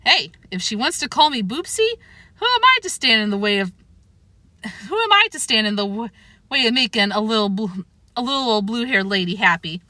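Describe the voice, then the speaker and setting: A woman's voice: on the high side, very animated, a little fast, sharp tone, no room sound. Sassy storybook cat, wry; woman reader voices her. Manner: wry, flippant.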